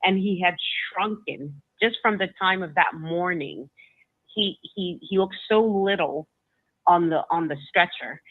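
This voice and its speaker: A woman guest with a fairly low voice recounts a personal story emotionally and haltingly, stumbling over and repeating words. She sounds like she's on a phone call, through a narrow, tinny line with dry sound and no room echo.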